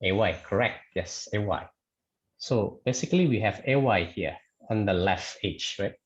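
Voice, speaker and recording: A man's voice: fairly low pitch, normal speed, dull audio. A man teaching a statics lecture online, hesitant, with many fillers and restarts, often checking in with "okay".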